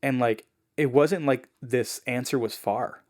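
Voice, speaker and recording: A man guest on a podcast, telling a personal story in a casual, animated way, full of "like" and "man". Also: mid-range voice, measured pace. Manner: animated, acts out the people he quotes; fillers like "man" and "like".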